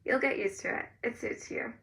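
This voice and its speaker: A woman's voice: on the high side, normal speed, creaky, pushed and bright, recorded from a distance. A woman doing a confident, reassuring young hairdresser.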